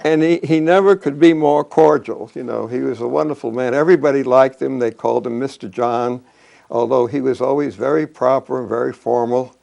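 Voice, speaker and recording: An older man telling local history and childhood memories in a halting way, full of fillers and restarts. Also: medium pitch, vocal fry, mellow. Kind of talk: reminiscing talk.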